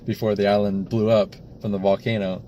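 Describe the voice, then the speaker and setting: Male co-host, low pitch, steady critical review talk, casual fillers. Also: brisk, highs cut off, slight background noise. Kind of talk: casual film review chat.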